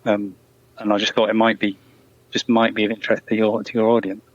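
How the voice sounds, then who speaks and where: A man answering interview questions in a measured, thoughtful way, with frequent restarts. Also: on the low side, monotone, no echo, muffled recording. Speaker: guest, former truck company employee.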